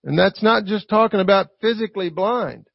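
High, gravelly-voiced male preacher. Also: a little fast, no echo. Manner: conversational, keeps asking "right?" to the congregation. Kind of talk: sermon. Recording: dull lo-fi recording.

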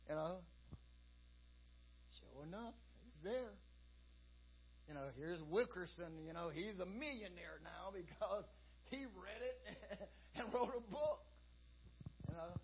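A man's voice: high-pitched, lively intonation, slow pace, long pauses, a little hiss or hum. A man preaching a sermon in a folksy, conversational way, peppering his talk with "you know". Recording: dull lo-fi recording.

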